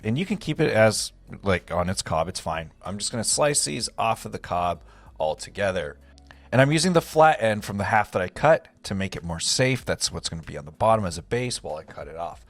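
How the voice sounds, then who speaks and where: A young man hosting a home cooking video, walking through each step in a relaxed, chatty way. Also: lowish voice, no echo. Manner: relaxed, step-by-step instructions with frequent "gonna go ahead". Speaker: home cook and channel host. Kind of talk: casual cooking walkthrough. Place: home kitchen.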